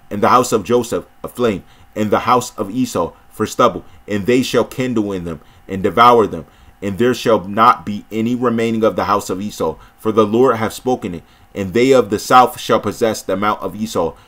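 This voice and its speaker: A man reading old-style scripture aloud, now and then breaking off to comment in casual slang. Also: fairly low pitch. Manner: reads steadily, breaks off into excited slangy commentary. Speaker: scripture reader and preacher.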